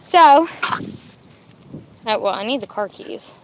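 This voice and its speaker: A woman's voice: normal speed, background noise. Chatty woman in a parked car. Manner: chatty and rambling, talks to her dogs in a high baby voice. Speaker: vlogger with service dogs. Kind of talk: casual chat.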